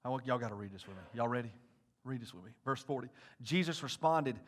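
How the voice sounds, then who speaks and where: A male pastor preaching a sermon to his congregation, dropping to hushed asides and rising to loud, intense appeals while asking the room questions. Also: medium pitch, expressive, fast, hardly any pauses. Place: church sanctuary.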